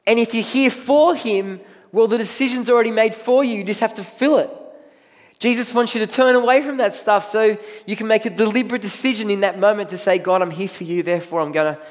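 Conversational pastor preaching in a reverberant hall. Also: male voice, sits high, brisk. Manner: conversational preaching with acted-out inner voices. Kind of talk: sermon. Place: church hall.

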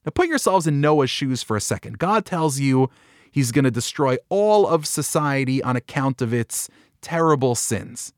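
Lively male podcast host telling a story. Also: mid-range voice, moderate pace, no echo, studio quality. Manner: animated storyteller, acts out quoted lines. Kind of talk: storytelling talk on a Bible passage.

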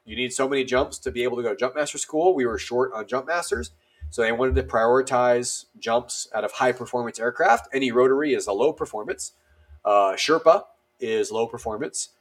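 A man's voice: mid-range voice, a little fast. A man in his thirties, an army veteran guest, telling stories casually and acting out the lines of people in them, with many fillers. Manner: animated, acts out dialogue, lots of fillers. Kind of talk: casual storytelling.

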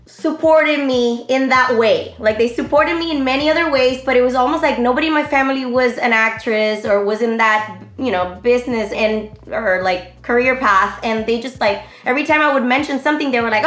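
A woman in her thirties, a guest telling her story in an animated, rambling way full of fillers. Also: a little high, brisk, hardly any pauses. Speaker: interview guest, online comedy creator. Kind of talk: casual interview chat. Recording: roomy echo.

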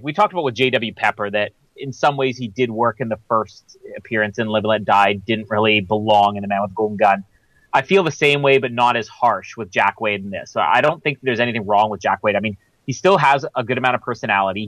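A man on a film podcast speaking in a fairly low voice, recorded close and dry with no room sound. He talks at an even, measured clip and makes dry, offhand remarks between his points. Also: no echo, poor audio. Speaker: podcast co-host. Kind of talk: casual film discussion.

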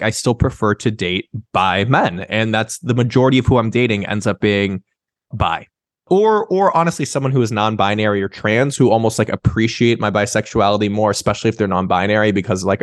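A man's voice: on the low side, no echo, clean studio sound. A man in his thirties, a sex writer, talking candidly and with animation as a guest in a casual interview. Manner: candid, animated, mimics others in quoted asides.

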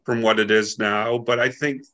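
A man joining a casual podcast chat, giving his view in a measured way, thinking aloud in short phrases. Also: medium pitch, fairly even intonation, sharp tone, rough recording. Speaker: podcast guest.

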